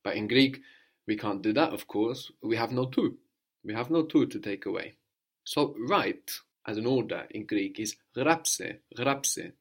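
A man teaching a language lesson, patiently prompting and repeating answers slowly. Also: medium pitch.

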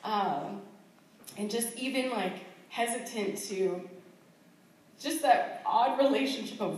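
Speaking slowly with long pauses, a woman with a fairly high voice recounts how she was called as a missionary. Her testimony is chatty, peppered with fillers and laughs, and it's recorded far from the mic in a very echoey church hall.

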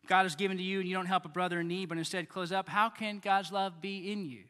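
A man in his thirties preaching a sermon in a conversational way, often repeating words and swinging between loud and quiet. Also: high-pitched, fairly even intonation, quick pace, clear, resonant tone, long reverb tail. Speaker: pastor.

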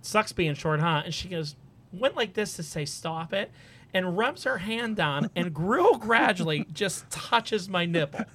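A man with a slightly high voice tells a long story on a casual podcast. He talks loosely and chats with his co-hosts. He laughs as he goes. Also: lively intonation, measured pace, bright, forceful tone. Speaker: podcast host. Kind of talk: casual chat.

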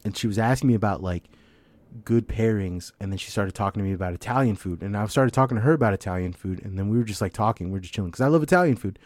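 A man's voice: on the low side, very fast, darkish tone, no room sound. A young man chatting casually on a podcast, telling rambling, profane stories and laughing often. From Mexican heritage. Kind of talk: casual chat.

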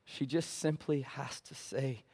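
A man preaching a sermon as pastor, swinging from loud pleading passages to hushed ones and calling for amens from the congregation. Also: medium pitch, a little slow, slightly rough. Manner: calls for "amen" from the congregation.

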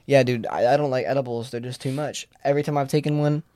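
A man's voice: mid-range voice, fairly even intonation, fast, dark tone, no echo. A young man in casual podcast chat, rambling, swearing a lot and laughing often. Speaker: podcast guest.

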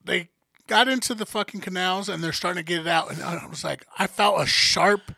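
A high-voiced man with a gravelly, bright edge tells a story in loose, profane podcast chat. He acts out every quote, and his voice sounds close and dry. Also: brisk, no echo. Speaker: podcast co-host.

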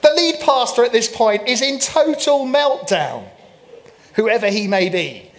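A man's voice: extremely high pitch, expressive, unhurried. A man preaching a sermon, telling a story with playful humor and mock French asides. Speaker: pastor. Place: church.

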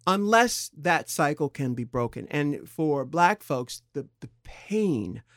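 A middle-aged man from San Diego, co-hosting a podcast in candid, casual talk, thoughtful and halting with expressive swings in pitch. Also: dry recording, clean studio sound. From San Diego, California. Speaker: podcast co-host.

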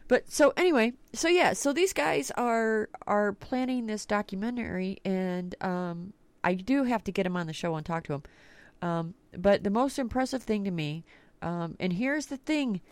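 A woman's voice: medium pitch, lively intonation, moderate pace, no room sound. A woman hosting a talk radio podcast, telling stories in a casual, blunt way and swearing freely. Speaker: podcast host.

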